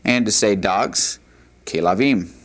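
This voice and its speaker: A man's voice: fairly low pitch, slow pace, a bit bright. A man teaching a recorded language lesson, patiently saying each vocabulary word twice, with frequent fillers. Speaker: Hebrew teacher.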